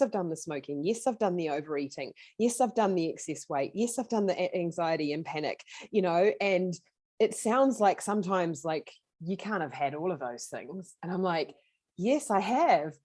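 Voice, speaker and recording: A woman with a New Zealand accent speaks in a low voice with a dry, close sound. She is in her forties and is a guest on a podcast. She talks in an animated, rambling way with many restarts. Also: no echo. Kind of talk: casual interview talk.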